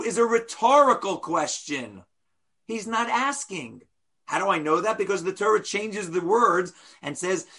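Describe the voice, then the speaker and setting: Lively high-voiced rabbi teaching. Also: male voice, unhurried, slightly rough. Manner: animated, rhetorical questions, playful asides. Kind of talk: teaching a class.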